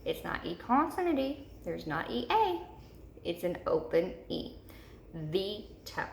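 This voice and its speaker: A woman teacher giving a slow, repetitive recorded video lesson to third graders. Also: mid-range voice, very animated, gravelly, reverberant, a little hiss or hum.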